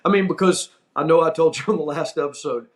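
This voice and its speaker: Middle-aged man telling an animated story. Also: on the high side, quick pace, slight background noise. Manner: emphatic, repeats himself for effect. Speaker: podcast host. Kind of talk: casual storytelling.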